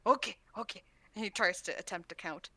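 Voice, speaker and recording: A woman's voice: mid-range voice, fairly quick, pushed and bright, no echo. A woman narrating as dungeon master, talking hesitantly with many stops and restarts. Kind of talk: narrating a tabletop game.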